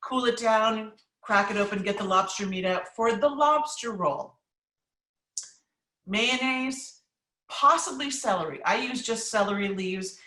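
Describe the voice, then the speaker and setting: A bright, forceful-sounding woman chef from New England talks through recipes and audience questions, chatty and emphatic with plenty of ums. She sits a little back from the mic, and her voice carries a roomy echo. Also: medium pitch, lively intonation, measured pace, far from the mic. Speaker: chef and cookbook author. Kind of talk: live cooking class Q&A, casual.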